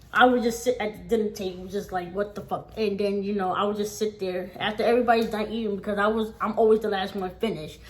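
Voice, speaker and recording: A young adult woman talks straight to camera in a casual storytime vlog. Her voice sits at an ordinary middle pitch. She swears freely and leans on repeated phrases to drive each point home. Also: a little hiss or hum. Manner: profane, emphatic, repeats phrases for emphasis. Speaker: vlogger.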